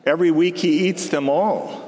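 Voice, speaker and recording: A man voicing a timid, earnest little boy who speaks in a hushed, wondering way. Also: fairly high pitch, normal speed, long reverb tail, slight background noise, voice pushed up, natural voice.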